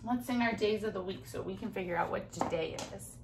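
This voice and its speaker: A woman preschool teacher leading a recorded circle time for small children at home, drawing out sounds in a slow, exaggerated sing-song way. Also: mid-range voice, slight background noise.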